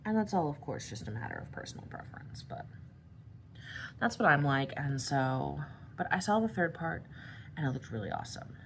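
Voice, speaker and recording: A young adult woman chatting casually while she crafts, tired and rambling, with yawns and soft asides. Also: low-pitched, very animated, moderate pace, creaky, slight background noise. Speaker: crafting vlogger.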